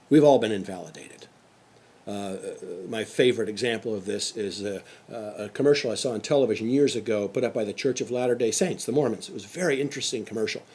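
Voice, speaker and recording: A man's voice: lowish voice, darkish tone, breathy edge. A middle-aged man giving a motivational sales lecture, emphatic and repeating his key phrases. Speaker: sales trainer.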